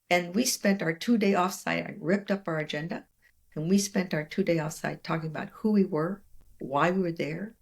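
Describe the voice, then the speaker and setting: Gravelly-voiced older woman, lower-pitched, lively conversational storyteller, guest on an interview. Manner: animated, expressive storyteller with quoted voices.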